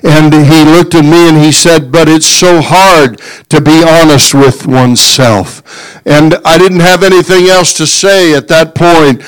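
A man's voice: fairly high pitch, steady tone, a little slow, clear, resonant tone, rough recording. A man preaching a sermon to his congregation, telling a story and then exhorting with frequent amens. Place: church.

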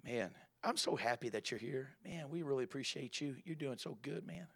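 A low, hushed church gossip who leans in close and stammers out warnings about another member, dropping to a near whisper, as a preacher acts him out. Halting and secretive, forever insisting they must simply be trusted. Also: male voice, creaky, no room sound. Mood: hushed, conspiratorial.

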